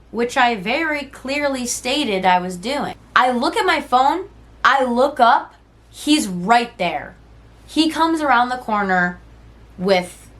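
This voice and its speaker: A woman in her twenties speaks to camera in a medium-pitched, slightly bright voice, sharing a personal story. She rambles casually, earnest and candid, sprinkling "like" and "right?" throughout.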